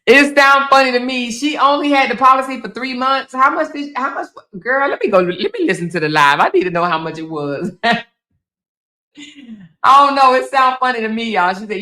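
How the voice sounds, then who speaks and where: A woman hosting a casual livestream, reading viewer comments aloud and laughing, teasing and swearing freely as she talks straight to her viewers. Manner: animated, swinging between loud exclaims and low asides. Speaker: blogger and livestream host.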